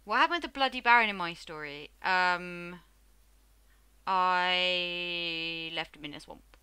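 A woman's voice: fairly low pitch, slow, bright, forceful tone, clear, resonant tone. A woman with an English accent chatting casually with viewers while she plays, laughing often and swearing freely. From England. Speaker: game streamer. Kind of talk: casual live-stream chat. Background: game music.

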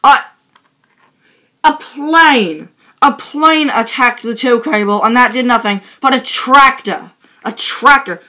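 A woman doing a weary, deadpan spy car. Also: on the high side, slow pace. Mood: exasperated. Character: exasperated spy car, adult male.

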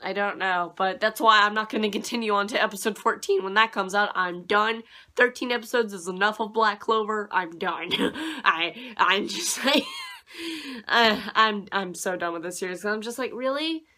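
A woman giving a casual, rambling anime review, dismissive and quick to laugh. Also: medium pitch, sharp tone.

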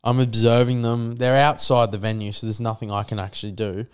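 A man's voice: medium pitch, little pitch movement, a little fast, clean tone. A man with an Australian accent, a podcast host telling a crude, profane story in casual chat and acting out the quotes.

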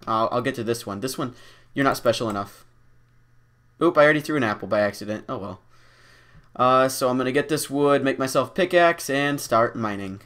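A man giving casual, rambling commentary while playing a game, self-mocking and deliberately goofy, with lots of ums and restarts. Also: medium pitch, fairly bright tone. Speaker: gameplay commentator. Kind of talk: casual Let's Play commentary.

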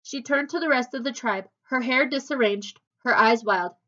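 Woman, storybook reader, expressive, unhurried, slightly high voice, lo-fi recording. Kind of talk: reading a children's novel aloud. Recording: dull lo-fi recording.

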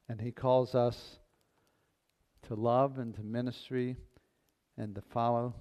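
A male pastor preaches in a church sanctuary at a slow, unhurried pace, with a voice of ordinary male pitch. His delivery is folksy and playful, and it settles into a calm tone for the closing prayer.

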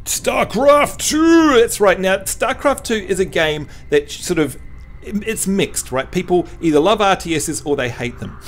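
A New Zealand man hosts a casual game livestream in a high-pitched, expressive voice at normal speed. Chatty and jokey, he teases his chat while teaching the basics.

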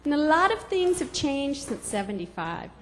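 Giggly stand-up lady from georgia, high voice, echoey club. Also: very animated, moderate pace, slight background noise. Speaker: stand-up comedian. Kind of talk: stand-up comedy. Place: comedy club stage.

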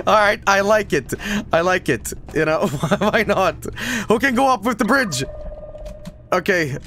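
Excitable high-voiced male streamer. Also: slow pace, pauses often, a little hiss or hum. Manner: excitable, swearing, laughing often. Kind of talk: casual let's-play commentary.

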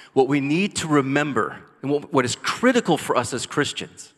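A man preaching a sermon as pastor, rising to intense cries and dropping to soft, quiet lines. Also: medium pitch, animated, a little fast, hardly any pauses. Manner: passionate preaching, builds to loud cries then drops soft. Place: church sanctuary. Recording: long church hall reverb.

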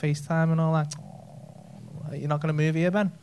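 A man's voice: a little high, little pitch movement, normal speed, a little mellow, slight background noise. A man with a Scouse accent doing stand-up crowd work on a comedy club stage, bantering cheekily with the audience and swearing freely. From Liverpool, England.

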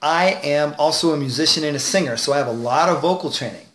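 A man as a confidence coach, giving advice straight to camera with clear enunciation, shifting tonality and deliberate pauses. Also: fairly high pitch, a bit bright, reverberant. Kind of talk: direct-to-camera advice video.

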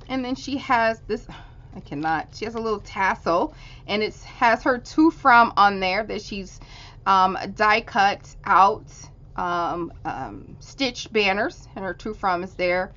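A woman's voice: medium pitch, expressive, slow pace, a bit bright. A woman hosting a crafting channel, gushing in casual show-and-tell as she unboxes handmade cards. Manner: gushing, exclaims and swoops up in delight. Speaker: crafting channel host unboxing a card swap. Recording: dull lo-fi sound with faint hiss.

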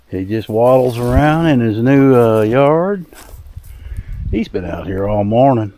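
A man's voice: mid-range voice, animated, measured pace, warm tone. Easygoing man vlogging outdoors. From American South. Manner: easygoing, folksy, talks to animals. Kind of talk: casual vlog narration. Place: outdoors on a rural property.

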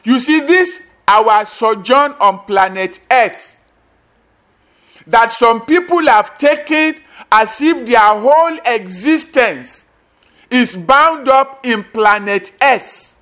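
A man's voice: very high-pitched, animated, takes it slowly, sharp tone. A man preaching a sermon as pastor, emphatic and repetitive, with sudden bursts and drops.

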